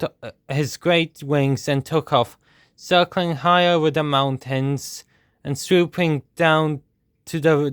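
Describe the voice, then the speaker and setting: Male storyteller, steady measured read-aloud, dry close sound. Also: on the high side, smooth, no room sound. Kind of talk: reading a children's storybook aloud.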